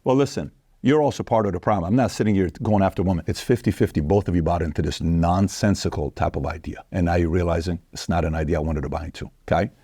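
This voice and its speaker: A man hosting an opinion commentary, talking straight to viewers in an animated, mocking way. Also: deep voice, fast, few pauses, breathy edge, no room sound, clean studio sound. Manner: animated, mocking, acts out quoted women in a raised voice; addresses viewers directly. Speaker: host.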